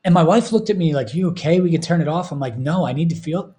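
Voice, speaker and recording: A man's voice: on the high side, lively intonation, fast talker, few pauses, warm tone. Earnest, heartfelt man on a podcast. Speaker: podcast host. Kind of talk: casual podcast chat.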